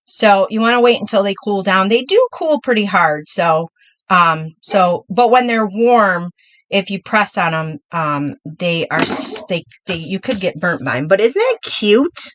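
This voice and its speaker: A woman's voice: medium pitch, lively intonation, a little slow, fairly bright tone, rough recording. A middle-aged woman hosting a live crafting demo, chatty and upbeat, talking through each step while she works.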